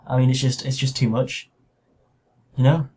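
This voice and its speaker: A man's voice: medium pitch, flat delivery, normal speed, warm tone, breathy edge. A man hosting a let's play, joking crudely and swearing as he plays. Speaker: gaming video host.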